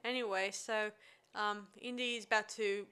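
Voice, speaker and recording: A woman's voice: medium pitch, fairly even intonation, moderate pace, sharp tone, clean tone. A woman recapping a film scene by scene in casual chat, enthusiastic and rambling, with many fillers and restarts.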